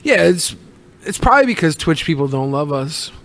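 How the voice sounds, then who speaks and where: A man's voice: a little high, very animated, normal speed, fairly bright tone. A man with a slightly raised voice co-hosts a loose live online show. He jokes, teases and giggles through casual banter with his guests. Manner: joking, giggly, teasing. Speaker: co-host.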